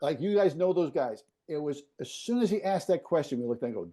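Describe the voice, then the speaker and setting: Warm-voiced animated storyteller, a man. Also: a little high, fairly quick. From New York area. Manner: animated, with frequent restarts. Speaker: former basketball operations director, guest. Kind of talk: casual storytelling.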